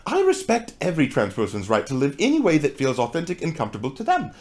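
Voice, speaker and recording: A man's voice: a little high, wildly swooping pitch, fast talker. A man doing an imitation of a British woman with a put-on British accent, reading a statement earnestly. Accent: attempted British English. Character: British woman author reading her tweets aloud.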